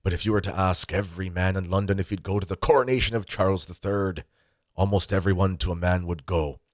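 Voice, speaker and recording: A man doing an impression of an old Irish priest, with an Irish accent, delivering a slow, preachy sermon. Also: low-pitched, no echo, studio quality, close to an everyday voice. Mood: preaching. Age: older.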